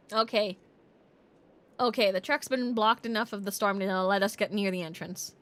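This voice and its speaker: Playful woman streamer, bright voice. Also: medium pitch, fairly even intonation, a little slow. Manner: playful, chatty. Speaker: streamer playing a game. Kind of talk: reading game dialogue and chatting.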